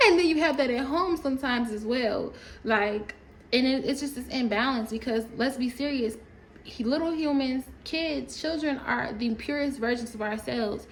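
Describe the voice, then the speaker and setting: Animated, profane woman ranting. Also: high-pitched, a little slow, slight background noise, low-quality recording. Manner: animated, profane, rambling, with laughs. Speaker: storytime creator. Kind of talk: casual rant to camera.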